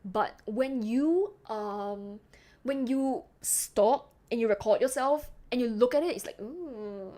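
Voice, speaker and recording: A woman's voice: on the high side, measured pace, mellow. A young woman from Singapore with a slight British-sounding accent, chatting casually with her stream viewers, giggling often and reading chat aloud.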